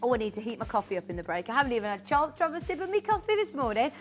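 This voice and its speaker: A woman presenting on a live shopping channel, chatty and bubbly, quickly rattling off prices and buyer names in a studio. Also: on the high side, very animated, soft background music. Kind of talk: live TV sales patter.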